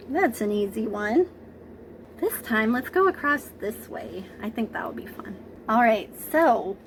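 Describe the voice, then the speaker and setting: Teaching preschool from home over her computer's camera mic, a woman gently and patiently coaxes small children along. Her slightly high voice carries gravelly fry at the edges, and the rough recording has a faint hiss underneath.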